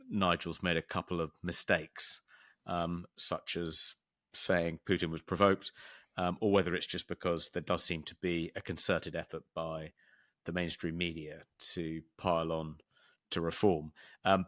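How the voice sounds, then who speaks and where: A deep-voiced man co-hosting a political podcast. He pauses and restarts often, filling gaps with ums, in a dry, close recording with no room sound. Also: sharp tone, no room sound. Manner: hesitant, many ums and restarts. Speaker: podcast co-host. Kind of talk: casual political discussion.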